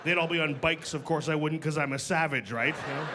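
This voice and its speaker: A man's voice: fairly high pitch, a little fast, noisy background. Upbeat man doing stand-up on stage. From Canada. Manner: punchy, playful delivery with voiced impressions. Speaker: stand-up comedian. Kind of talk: stand-up comedy set. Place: comedy club stage with live audience. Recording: live club recording with audience laughter.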